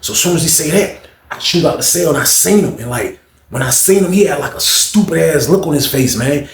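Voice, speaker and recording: A man's voice: a little high, animated, fairly quick, roomy sound. A man telling a long personal story to the camera, slangy, profane and conversational. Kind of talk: storytelling monologue.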